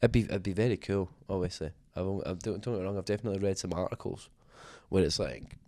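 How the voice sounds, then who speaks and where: Low-voiced rambling man. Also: quick pace, mellow. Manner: rambling, self-deprecating, many fillers and restarts. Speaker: interviewee, singer. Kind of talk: casual interview chat.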